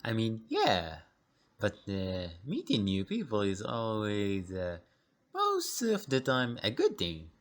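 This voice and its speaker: A man's voice: fairly low pitch, wildly swooping pitch, takes it slowly, heavily acted. A man with a thick foreign accent playing a cheerful, laid-back captive who chats with easy hesitations. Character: cheerful easygoing adult man, a fellow captive.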